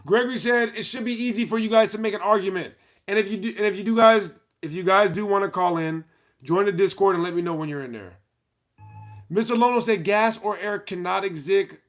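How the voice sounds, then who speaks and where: Streamer guy, high voice, jokey, chatty, reads chat with faint music behind. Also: a bit bright. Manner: playful, breaks into laughter, quick asides to chat. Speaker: livestream host. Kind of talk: casual live-stream chat reading.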